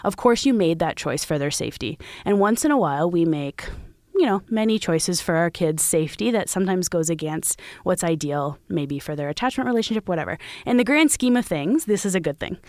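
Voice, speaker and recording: A woman in her thirties co-hosting a podcast, her voice sitting on the low side. She explains things conversationally, leaning on fillers as she goes. The recording is dry and close, with no room sound. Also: animated, fairly quick, dry recording. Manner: warm explanatory, many fillers like "you know". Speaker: podcast co-host.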